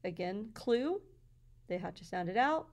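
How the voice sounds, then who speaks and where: A woman teacher walking through her classroom slides in a patient, explanatory way, sounding out words slowly. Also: medium pitch, expressive.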